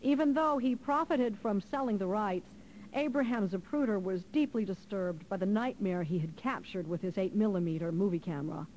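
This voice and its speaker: A man giving scripted documentary narration in an even, explanatory way. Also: high-pitched, normal speed, a little hiss or hum, rough recording.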